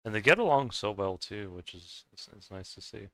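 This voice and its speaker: Here the streamer sounds expressive and brisk, his low-leaning voice pushed and bright on a dry recording. He chats with viewers during play, full of fillers and restarts, chuckling often between remarks.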